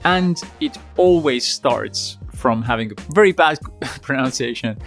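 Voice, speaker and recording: A young man teaching an online language lesson in a clear, encouraging way, slowing down to stress example sentences. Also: mid-range voice, fairly bright tone. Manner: encouraging, instructive, stresses demo sentences slowly.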